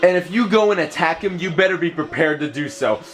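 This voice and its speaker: Excitable, slightly high-voiced male game commentator. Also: fairly quick. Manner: excitable, bursts into loud exclamations. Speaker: tournament commentator. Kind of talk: video game play-by-play commentary.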